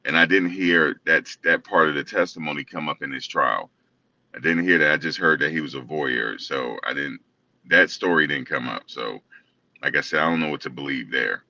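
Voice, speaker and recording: A man's voice: extremely low pitch, normal speed, pushed and bright, recorded from a distance, muffled recording. A man co-hosting a casual commentary chat, laid-back and hesitant, hedging with lots of fillers. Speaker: co-host.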